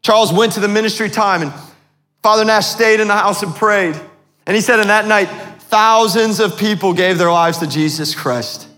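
A man's voice: sits high, normal speed, sharp tone, long reverb tail, soft background music. A man preaching a sermon as pastor, asking the congregation questions as he goes.

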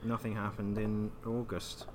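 A man's voice: on the low side, monotone, a little slow, background noise. A man co-hosting a podcast, chatting casually about video games and telling wry anecdotes. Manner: wry storyteller, laughs at his own anecdotes. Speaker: podcast co-host.

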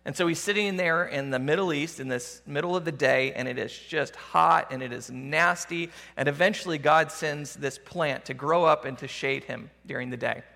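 High, gravelly preacher man in a hall. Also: moderate pace, hardly any pauses. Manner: conversational, animated storytelling, casual slang. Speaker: pastor. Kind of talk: sermon.

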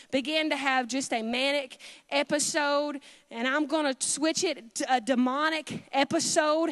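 A woman preaching a Pentecostal sermon, her voice high and fervent. She swings between loud exhortation and hushed, confiding asides. The sound is dry and close, with no room echo.

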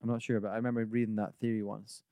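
Fast-talking man, mellow tone. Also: on the low side, little pitch movement, clear, resonant tone, no room sound. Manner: quick, asks the questions, steers topics. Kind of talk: casual chat.

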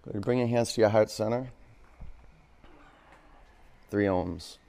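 A man guides a yoga class in a studio, calling out poses and breathing cues at a medium pitch. He drifts into playful, chatty stories between instructions before settling back into the flow. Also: level tone, rapid-fire, dark tone. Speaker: yoga teacher.

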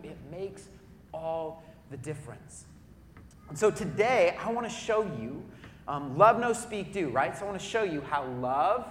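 High-voiced preacher in an echoey hall. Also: male voice, slight background noise. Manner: lively storytelling with audience asides, loud bursts when acting out cheering. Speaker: pastor. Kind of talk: sermon. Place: church auditorium.

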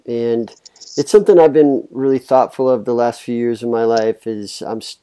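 A man's voice: mid-range voice, steady tone, moderate pace, warm tone, clear, resonant tone. A man hosting an interview, speaking reflectively with stammered starts. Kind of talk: interview chat.

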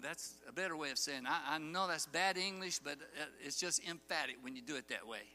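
A man preaching a sermon, telling the story with animated asides and acted-out quotes. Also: on the high side, moderate pace, few pauses. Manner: animated storytelling, acts out quoted lines, chuckles. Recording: long hall reverb, faint music.

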